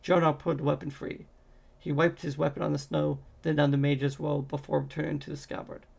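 A man's voice: fairly high pitch, little pitch movement, fairly quick, creaky, darkish tone, husky. A man reading a fantasy novel aloud, with frequent slips and restarts. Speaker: audiobook reader.

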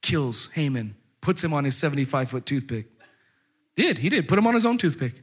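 Guy preaching, chatty and animated, bright voice, a bit high. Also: a little fast. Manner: animated, conversational storytelling with fillers. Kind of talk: sermon.

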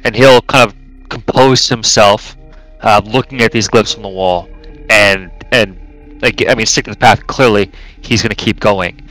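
A man's voice: on the low side, fairly even intonation, moderate pace, a bit bright, faint music behind, rough recording. A man playing his character in a tabletop game, hesitant with restarts, then declaiming his character's words. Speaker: player. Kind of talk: tabletop role-play.

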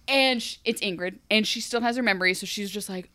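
A young woman co-hosting a casual TV recap chat, animated and quick to act out characters' lines. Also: medium pitch, no echo. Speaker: podcast co-host.

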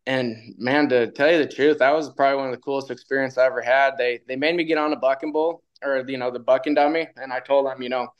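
A man's voice: medium pitch, steady tone, fast, few pauses, highs cut off. A man, a retired bull rider, guesting on a podcast and telling stories in a laid-back way, often laughing. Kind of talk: casual storytelling.

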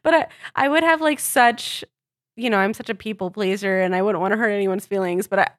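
A woman co-hosting a podcast, telling animated stories in casual chat, laughing often and acting out what others said. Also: mid-range voice, fairly quick, no room sound, studio quality. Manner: animated storytelling, laughs often, acts out quotes. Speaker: podcast co-host.

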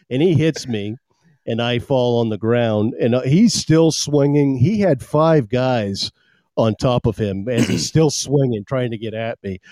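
A man hosting a podcast in casual chat, an animated storyteller who laughs often. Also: mid-range voice, no room sound. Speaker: podcast host.

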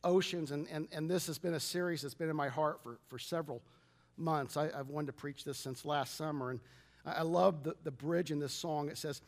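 A man's voice: fairly high pitch, fairly quick, big-room sound. A man preaching a sermon as pastor, earnest, often restarting his words and asking the congregation to repeat lines after him.

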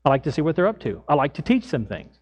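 Middle-aged pastor guy preaching, slightly high voice, gets loud acting out his stories. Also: fast talker, slightly rough. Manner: animated storytelling, acts out his own lines loudly. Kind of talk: sermon with personal stories.

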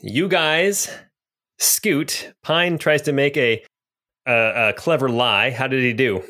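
A man runs a tabletop game as its game master, describing scenes at an even pitch. He talks through it with small hesitations and fillers. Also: takes it slowly.

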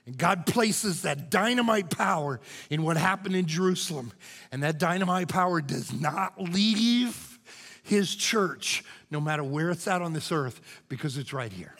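A male pastor delivering a sermon, swinging between loud shouts and hushed asides. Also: on the high side, animated, moderate pace, breathy edge, big-room sound. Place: church sanctuary.

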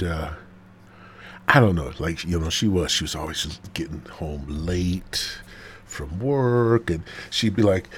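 A man's voice: sits low, slight background noise. A man hosting a podcast, telling a rambling, profane story full of fillers and dropping into whispers. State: smoking while talking, coughing. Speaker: podcast host. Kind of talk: casual storytelling monologue.

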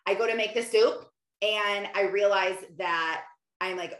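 Her voice sits lowish, the pace is moderate, and the sound echoes. This thirtysomething woman hosts a motivational podcast, keeping it chatty and lively while performing her inner monologue.

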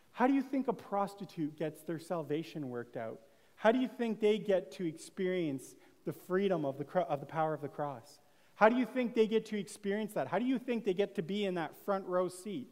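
A man preaching a sermon in a fervent, conversational way, building from hushed tones to loud bursts and firing off rhetorical questions. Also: high-pitched, lively intonation, moderate pace. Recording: long hall reverb.

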